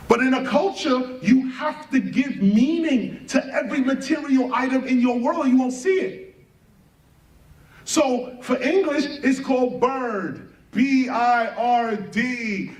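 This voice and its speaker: A man's voice: very high-pitched, far from the mic. A man giving an impassioned spoken lecture on a live stream, firing rhetorical questions, spelling words out letter by letter and often laughing as he talks. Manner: animated, often breaks into laughter mid-sentence. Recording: echoey room, voice set back from the mic.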